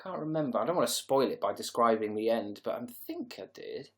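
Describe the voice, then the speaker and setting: A man's voice: medium pitch, animated, brisk. A tired man hosting a casual livestream, rambling sarcastically and reading out viewer comments. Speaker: livestream host.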